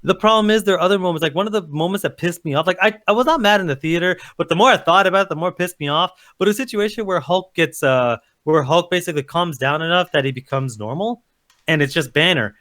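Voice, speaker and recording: A man's voice: high-pitched, quick pace, fairly bright tone. A man co-hosting a casual pop-culture podcast, ranting heatedly, cursing and acting out quotes. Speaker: podcast co-host.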